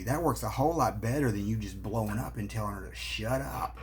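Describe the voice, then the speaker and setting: This marriage therapist and relationship coach has a voice on the low side and talks fairly quickly, with a little hiss or hum on the recording. He addresses the camera directly, coaching the viewer with earnest advice.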